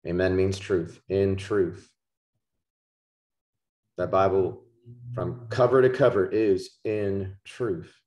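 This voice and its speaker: A man preaching a podcast sermon, slow and emphatic, repeating key words for stress. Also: deep voice, steady tone, darkish tone. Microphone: podcast microphone.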